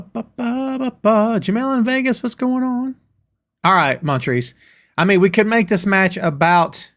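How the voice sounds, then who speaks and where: Middle-aged male stream host, fairly high and very lively, casual ranting chat. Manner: animated, ranting, addresses chat as "brother" and "dude". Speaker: host of a wrestling show. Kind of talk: live-stream rant reading chat comments.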